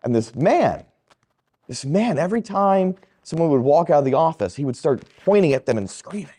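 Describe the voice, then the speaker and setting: Lively, animated priest preaching a homily. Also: male voice, fairly high pitch, normal speed, slightly rough. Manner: animated storytelling, acting out quoted people. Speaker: Catholic priest.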